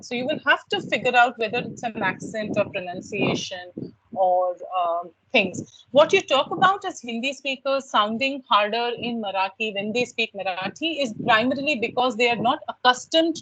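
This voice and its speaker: A woman's voice: on the high side, pushed and bright, a little hiss or hum, poor audio. A woman with an Indian English accent giving an online university lecture, explaining points and asking her students rhetorical questions.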